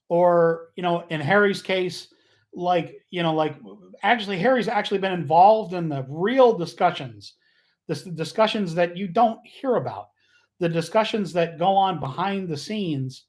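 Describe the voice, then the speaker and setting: A man hosting a casual livestream, rambling and joking, often losing his train of thought and getting loud and fired up. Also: high-pitched, normal speed. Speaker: livestream host.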